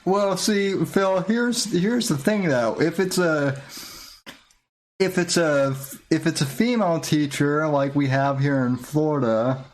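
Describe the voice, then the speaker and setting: Slow-talking man, casual podcast host. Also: fairly high pitch, poor audio. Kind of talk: casual chat. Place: Florida.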